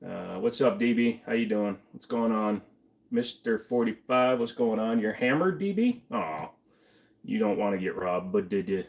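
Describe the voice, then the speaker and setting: This livestream host is sick to his stomach but stays chatty, reading the chat out loud, responding to viewers, and mumbling side comments. His voice is on the low side, creaky and a little mellow, with a steady tone at normal speed.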